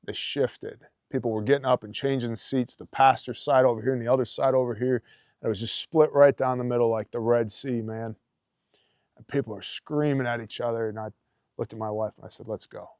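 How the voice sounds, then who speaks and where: A man's voice: mid-range voice, steady tone, brisk, darkish tone, no room sound. Blunt, emphatic man telling a story. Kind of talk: casual storytelling. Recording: dull, dry lo-fi podcast audio.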